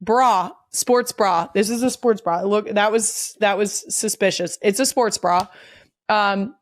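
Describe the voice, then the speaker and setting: A woman in her thirties hosting a podcast, talking casually and bluntly, swearing freely and getting animated when reading out segments. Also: mid-range voice, unhurried. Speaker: podcast host.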